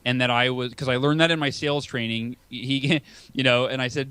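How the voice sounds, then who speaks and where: A man in his thirties, an author and speaker, talking as a podcast guest. He tells stories in a lively way, acts out his feelings in quoted voices and often repeats words at the start of a sentence. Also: mid-range voice, a little fast, smooth, no echo. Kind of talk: conversational storytelling.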